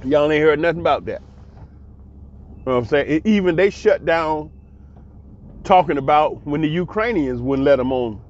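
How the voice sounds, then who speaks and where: A man's voice: fairly high pitch, lively intonation, normal speed, pauses often, dull audio. A man giving a casual spoken commentary, blunt and emphatic, repeating himself and swearing freely. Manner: emphatic, repetitive, blunt and profane. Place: abroad.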